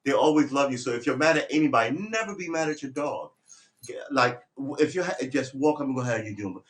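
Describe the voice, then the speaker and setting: A man's voice: medium pitch, animated, a little fast. A man rambling casually on a live stream, talking to viewers and to his puppy, switching to firm commands.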